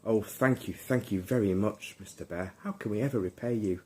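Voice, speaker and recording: A man's voice: lowish voice, brisk, warm tone, natural voice. A man voicing thankful beavers in a bedtime story, speaking in an eager, grateful way. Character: grateful beavers, small forest animals.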